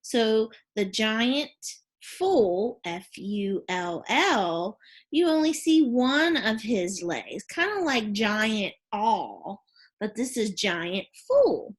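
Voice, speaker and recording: A woman's voice: a little high, sing-song. A woman teaching a phonics and spelling lesson to young children, sounding out letters and asking questions. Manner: slow, clear, sounding out letters and prompting questions.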